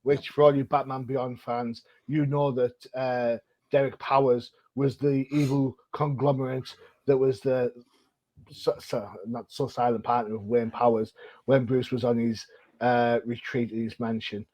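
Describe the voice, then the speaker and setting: A man's voice: medium pitch, level tone, unhurried, darkish tone, poor audio. A man hosting a casual comic-book podcast, rambling and chatty with plenty of restarts. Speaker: podcast host.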